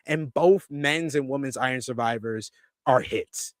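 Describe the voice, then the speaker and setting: A man hosting a live-stream wrestling review, reading viewer comments and ranting loudly at times. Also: medium pitch, measured pace, no room sound. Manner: animated, swears when ranting.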